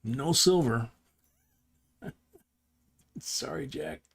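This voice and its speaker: A man's voice: mid-range voice, drawn-out words, vocal fry, breathy edge. An older man hosting a live stream, telling a rambling story in a casual way, chuckling and restarting his sentences. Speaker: host.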